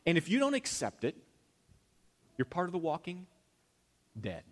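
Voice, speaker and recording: A man preaching a sermon in a church, animated, swinging between loud emphasis and hushed near-whispers. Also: on the high side, normal speed. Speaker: pastor.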